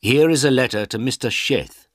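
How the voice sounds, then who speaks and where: A man's voice: mid-range voice, moderate pace, no room sound, clean studio sound, voice pushed up, close to an everyday voice. A man voicing a helpful male village school teacher in a kind way.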